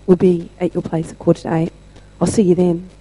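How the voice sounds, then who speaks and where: Warm New woman giving a testimony. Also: lowish voice, monotone, slightly rough, dry recording, low-quality recording. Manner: slow, deliberate storytelling with emphatic pauses. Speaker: church member sharing testimony. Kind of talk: testimony sharing.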